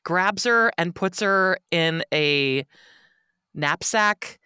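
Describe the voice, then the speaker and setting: A woman's voice: on the low side, expressive, very slow, bright, forceful tone, smooth, dry recording, clean studio sound. A middle-aged woman co-hosting a casual comedy podcast, rambling and giggling as she tells a story. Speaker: podcast co-host.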